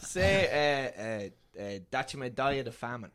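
A man's voice: medium pitch, lively intonation, normal speed, a crowd in the background. A man, a guest comedian, teasing his hosts in casual podcast banter and laughing often. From Ireland.

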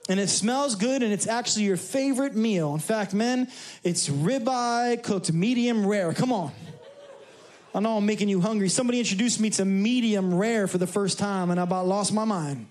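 A man with a high voice preaches to a church congregation. He is a pastor from New York who keeps it conversational and humorous, with asides to the crowd. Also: moderate pace, darkish tone. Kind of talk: sermon. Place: church service.

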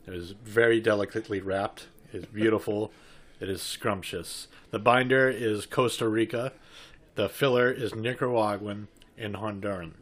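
Man, lower voice, enthusiastic, playful, casual chat. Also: normal speed, fairly bright tone.

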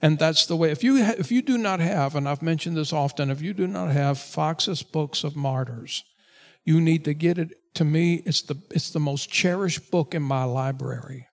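A man preaching a sermon from the pulpit, his voice sitting a little high for a man. He leans hard on key phrases, stretching them out slowly, then hurries through asides with the odd "uh". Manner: emphatic preaching with slow drawn-out stresses and fillers. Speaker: pastor.

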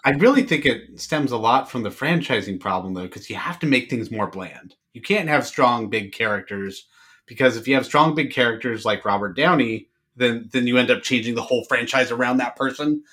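A man's voice: mid-range voice, animated, a little fast, a bit bright, husky. A man in a casual movie discussion, explaining his view in an earnest, thoughtful way.

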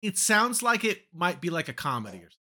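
A man with a bright, slightly high and lively voice joins a casual podcast quiz. He offers his guesses haltingly, restarting as he goes.

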